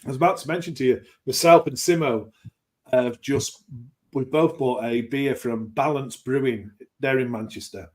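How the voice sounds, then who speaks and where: A man joining a live stream as a guest home brewer, chatting in an easygoing way with halting phrasing. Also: medium pitch, darkish tone. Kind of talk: casual chat.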